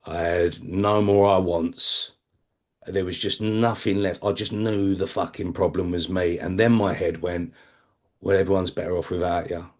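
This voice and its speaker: Man, recovery meeting share, blunt conversational delivery, swearing, low voice. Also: steady tone, measured pace. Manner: acts out other people's voices. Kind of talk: personal recovery testimony.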